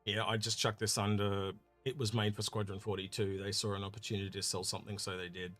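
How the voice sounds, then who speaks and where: A man's voice: lowish voice, quick pace. Man, co-host, casual stream q&a, chatty, trails off, faint music. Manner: casual, animated, trailing off with "so yeah". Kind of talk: casual livestream Q&A chat.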